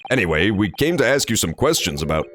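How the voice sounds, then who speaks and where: A man's voice: on the low side, sing-song, fast, a bit bright, slight background noise. A man reading an earnest young lawyer. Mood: polite. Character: polite young male defense lawyer, earnest student.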